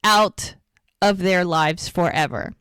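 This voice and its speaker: A lowish, smooth female voice comes through at a slow pace, with no room sound. In her role as podcast co-host, she recaps a TV episode casually and with animation, acting out lines from the characters.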